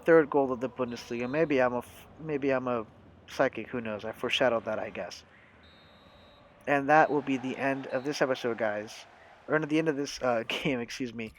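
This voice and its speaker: Young guy narrating his football game career mode, chatty and upbeat, average pitch, bit of faint background hum. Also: moderate pace. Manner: chatty and upbeat, talks straight to viewers. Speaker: gaming channel host. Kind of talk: casual let's-play commentary.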